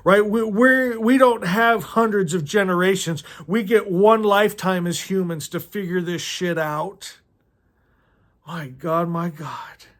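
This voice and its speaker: A middle-aged man with a somewhat high voice reads a story aloud at a slow pace. He talks casually between passages, gets emotional, laughs often and swears freely. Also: steady tone. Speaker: host reading a novel aloud. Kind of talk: casual reading with personal commentary.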